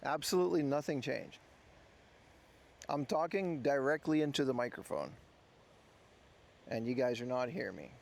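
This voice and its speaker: A man's voice: mid-range voice, expressive, normal speed, vocal fry, long pauses. A man from the Netherlands, hosting an IRL livestream outdoors by the ocean and chatting to viewers while fixing his clip-on mic. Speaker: livestream host. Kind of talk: casual IRL livestream talk. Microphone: clip mic on his hat. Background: wind.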